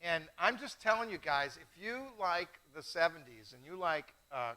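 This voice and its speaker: A middle-aged man hosts a wine tasting in a chatty, self-mocking way. His voice sits high and sounds bright and forceful. He tells his stories with lots of energy. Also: lively intonation, moderate pace, low-quality recording. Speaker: host of a live wine tasting show. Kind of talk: casual live-stream chat.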